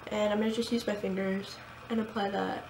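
A woman's voice: mid-range voice, little pitch movement, a little fast, darkish tone. Young woman w a little lisp from braces, chatty makeup tutorial, kinda echoey room. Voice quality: slight lisp. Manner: chatty, casual, with frequent fillers. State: talking with new braces. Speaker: beauty vlogger. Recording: echoey room, faint background hum.

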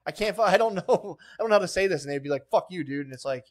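A man's voice: sits high, lively intonation, very fast, slight background noise. A young man co-hosting a casual podcast chat, telling profane stories and acting out what people said, laughing as he goes. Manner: profane, laughing storyteller who acts out quoted voices. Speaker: podcast co-host.

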